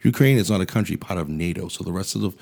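A man's voice: sits low, very fast, gravelly, darkish tone. A man hosting a podcast, delivering an angry, profane political rant in a blunt way. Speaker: podcast host. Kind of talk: ranting political commentary.

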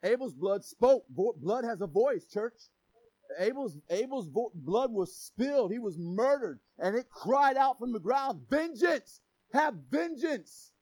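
A man with a strikingly high-pitched voice preaching a sermon. He is animated and playful, joking with the congregation. He punches key phrases with shouted emphasis. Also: unhurried, poor audio. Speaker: pastor.

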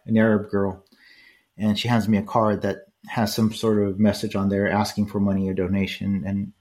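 An older man hosting a solo podcast, talking casually and rambling, often checking in with "right?" and lots of fillers. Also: fairly low pitch. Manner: conversational, rambling with frequent "right?" tags and fillers. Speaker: podcast host.

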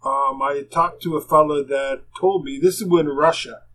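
A man's voice: fairly high pitch, fairly even intonation, moderate pace, a bit bright, low-quality recording. An older man, a former hockey player rambling through plainspoken anecdotes as a podcast guest. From Canada. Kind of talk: casual storytelling.

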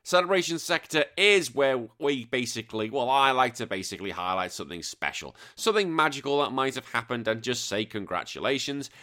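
A middle-aged English man hosting a podcast, reading out listener messages in casual chat and bursting into loud sworn exclamations. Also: mid-range voice. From England. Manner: animated, swears freely, bursts into loud exclamations. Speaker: podcast host.

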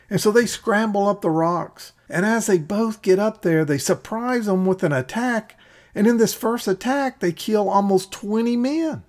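High-voiced man teaching Bible study. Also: darkish tone. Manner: plain conversational retelling.

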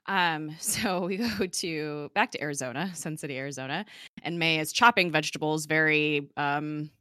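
A woman's voice: low-pitched, moderate pace, pushed and bright, clear, resonant tone, dry recording, clean studio sound. A woman casually recapping a TV episode, chatty and full of fillers, laughing often. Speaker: podcast co-host recapping a TV episode.

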